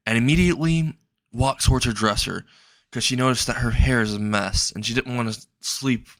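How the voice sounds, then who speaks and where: A young man narrating a dark fan fiction story in a slow, halting way. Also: dry recording, clean studio sound. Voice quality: low, gravelly voice.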